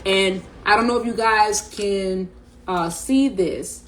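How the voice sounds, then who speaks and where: A woman's voice: medium pitch, takes it slowly, slight background noise, rough recording. A middle-aged woman talking casually to camera about spiritual awareness, in a loose, slangy, rambling way, often repeating her words. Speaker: spiritual vlogger.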